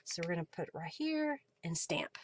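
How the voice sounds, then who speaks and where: Over a noisy background, a woman with a lowish, very animated voice talks at normal speed. As host of a live crafting stream, she chats easily, muses aloud while working at her craft table, and reads out and responds to comments from viewers.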